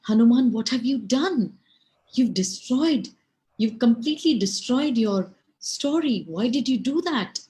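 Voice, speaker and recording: A woman's voice: low-pitched, animated, moderate pace, darkish tone. A woman storyteller voicing an emotional male sage who exclaims in a raised voice. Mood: shocked.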